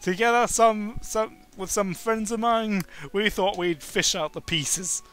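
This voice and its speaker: A man's voice: sits high, animated, brisk, bright, forceful tone, full character voice. A man voicing a kindly, courteous adult male caretaker in a game, speaking formally and reassuringly. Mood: explaining. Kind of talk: reading game dialogue aloud.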